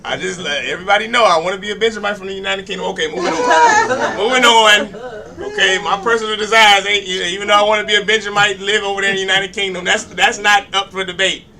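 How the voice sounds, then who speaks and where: A class leader in a congregation hall preaches and makes announcements in a high, fairly even, fast voice amid crowd noise. His sermon-style address to a religious class includes loose, joking asides and call-and-response.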